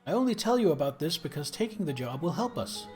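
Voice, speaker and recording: A high, gushing young girl who is restless and bored with her small town, as a man puts her on. She pours out breathless enthusiasm with a lively, bouncing pitch, and faint music plays behind her. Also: quick pace. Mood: eager. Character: excitable bored young girl, mayor's daughter.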